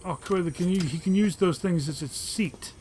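Brief: high-pitched male let's-player, excitable, swears a lot, chatty play-by-play. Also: moderate pace, slight background noise. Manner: excitable, profane, talks to his dog companion. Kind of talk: casual gameplay commentary.

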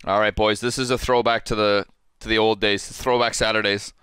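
A man's voice: on the low side, flat delivery, brisk, a bit bright, smooth, no room sound, clean studio sound. A man hosting a gaming stream, talking casually with friends, crude and laughing often. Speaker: streamer and host.

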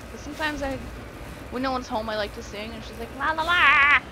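A young woman chatting through a video game playthrough, excitable and easily grossed out, recorded at home. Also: a little high, quick pace. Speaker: gameplay commentator. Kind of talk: let's play commentary. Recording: audible background noise.

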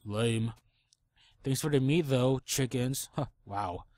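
A man's voice: medium pitch, takes it slowly, darkish tone. Goofy rambling young man gaming. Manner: rambling, goofy, makes silly animal noises. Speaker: let's play gamer. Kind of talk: casual gameplay commentary.

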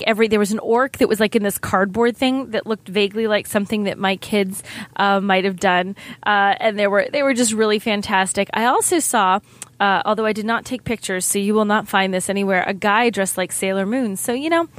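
A middle-aged woman hosts her podcast segment in a chatty, upbeat manner. Her voice sits at a middle pitch, recorded close and dry. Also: no echo. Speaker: segment host.

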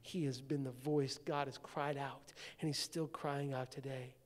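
A male pastor preaching a sermon, swinging from shouted declarations to hushed, low passages. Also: little pitch movement, a little slow. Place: church sanctuary. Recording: long church-hall reverb.

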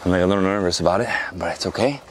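A man making a casual, excited travel vlog outdoors at a camel farm, gasping and exclaiming as he films. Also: low-pitched, very fast, heavy background noise. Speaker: travel vlogger.

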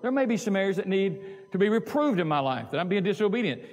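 Folksy high-voiced male preacher. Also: big pitch swings, fast talker, a little mellow. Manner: conversational, folksy, repeats phrases and asks the congregation questions. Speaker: pastor. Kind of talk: sermon. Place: church sanctuary. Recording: preached in a church hall with long reverb.

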